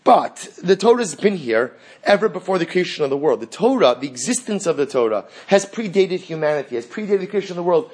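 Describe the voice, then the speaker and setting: A man teaching a Talmud class in an animated way, acting out the exchanges he reads and asking rhetorical questions. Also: high voice, brisk, husky.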